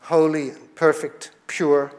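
High-voiced earnest male preacher. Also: flat delivery. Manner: earnest, emphatic repetition with slowed quotations. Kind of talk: sermon.

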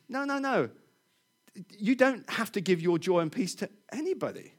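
Speaking at a moderate pace with a high, slightly rough voice, a middle-aged preacher animatedly recounts a personal story. He laughs a lot and repeats his words.

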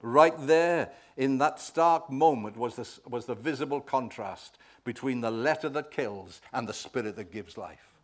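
A man preaching a sermon, swelling loud on key words and often asking the congregation "right?". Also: medium pitch, measured pace, few pauses.

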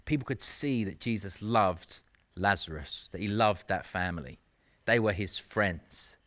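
A man's voice: fairly low pitch, measured pace, fairly bright tone. A man preaching a sermon in an earnest, conversational way, with self-mocking asides.

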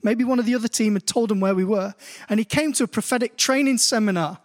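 A British pastor with a notably high voice delivers a sermon in a church. He reads scripture in a slow, deliberate way, then tells personal stories with rising animation. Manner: storytelling, rising in pitch as he grows animated. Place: church hall.

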